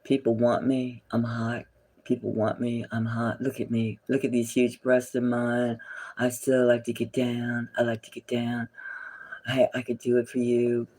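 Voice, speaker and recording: Vain celebrity woman, low and sultry, mockingly seductive, as a tarot reader puts her on. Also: monotone, measured pace, mellow, natural voice. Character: vain celebrity woman bragging about being hot.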